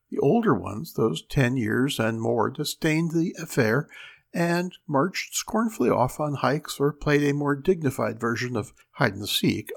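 A man hosting a reading show, introducing pieces and reading a story aloud with expressive delivery. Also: medium pitch, vocal fry. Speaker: host and reader.

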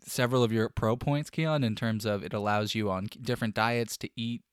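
A man's voice: on the low side, fairly even intonation, fairly quick, smooth, no room sound, clean studio sound. Upbeat man teasing his friends. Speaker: podcast co-host and editor. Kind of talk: casual chat.

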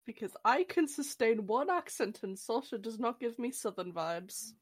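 A woman's voice: on the high side, lively intonation, normal speed, breathy edge. A woman playing a tabletop game, joking and wry with the group. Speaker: player.

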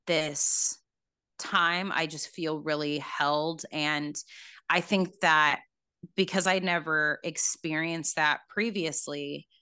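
Low, bright-voiced reflective woman. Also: smooth, no room sound, studio quality. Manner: reflective and heartfelt, heavy on filler words. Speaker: new mother. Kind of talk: casual podcast conversation.

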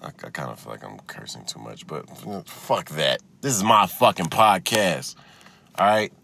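A man's voice: deep voice, very animated, moderate pace, gravelly, pushed and bright, a little hiss or hum. A man hosting his own podcast alone in his car, delivering a profane, ranting comedic monologue into a phone. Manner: profane, ranting, swears constantly. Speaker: podcast host. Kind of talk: solo comedic podcast rant.

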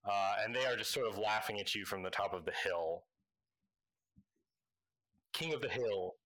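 A man narrating a tabletop game as game master, halting with many fillers. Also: fairly low pitch, bright, forceful tone, poor audio.

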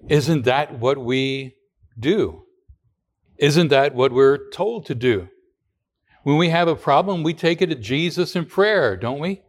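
A pastor preaching a sermon to his congregation. His voice sits in an ordinary middle range. He talks in a conversational way, asking rhetorical questions and now and then restarting a word. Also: medium pitch.

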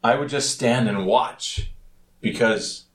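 Man telling lively travel anecdotes. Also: mid-range voice, slow pace. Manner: animated storyteller, mimics voices in anecdotes. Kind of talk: casual chat. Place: married, lives in Korea.

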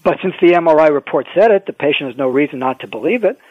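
A man, an orthopedic surgeon, telling wry stories in a measured way as a guest in an interview. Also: a little high, animated, no room sound. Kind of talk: phone-in interview, storytelling. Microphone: telephone. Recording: tinny phone line.

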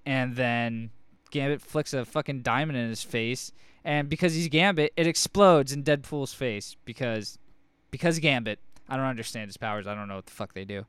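Male co-host, very clean crisp voice, loose and jokey, curses freely, dry close-mic sound. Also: mid-range voice, normal speed, a bit bright, no echo. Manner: rambling, profane, jokey. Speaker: podcast co-host. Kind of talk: casual comic book review chat.

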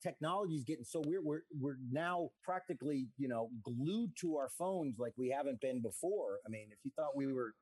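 A man's voice: mid-range voice, expressive, a little fast, few pauses, a little mellow, breathy edge, no echo. A middle-aged man, a comedian telling rambling, self-mocking jokes over a video call.

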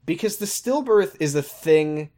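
A man's voice: a little high, animated, mellow. Man recapping a show, acting out lines. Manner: acts out scenes in quick put-on voices, lots of "like". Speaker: podcast co-host. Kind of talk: casual recap chat.

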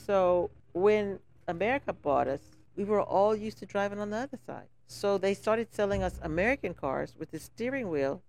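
A middle-aged woman from St. Croix with a Crucian accent, guest on a casual podcast, telling stories with lively jumps in pitch for emphasis. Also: moderate pace, few pauses. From St. Croix, US Virgin Islands. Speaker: guest business owner.

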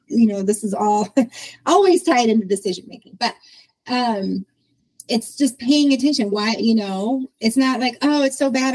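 A woman's voice: a little high, normal speed, breathy edge, poor audio. A woman in her forties hosting a podcast, talking through her thoughts in a casual, reflective way and often laughing. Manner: reflective, laughs often, quotes herself in lively voices. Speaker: podcast host. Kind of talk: casual conversational interview.

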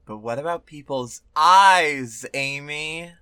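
Podcast co-host, animated teasing, bright voice, dry close sound. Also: mid-range voice, takes it slowly, smooth, dry recording. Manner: animated, mock-outraged teasing. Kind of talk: casual podcast banter.

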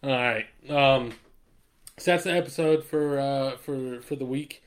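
A man's voice: medium pitch, a little slow. Laid-back man hosting a sports podcast. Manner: laid-back, swears, laughs often. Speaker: podcast host. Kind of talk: casual sports chat.

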